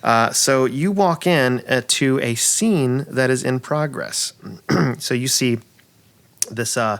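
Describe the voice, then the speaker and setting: A male dungeon master with a bright, forward voice at a middle pitch. He narrates the scene in a rambling, descriptive way, full of fillers and restarts. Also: slow, gravelly. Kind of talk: narrating a tabletop game.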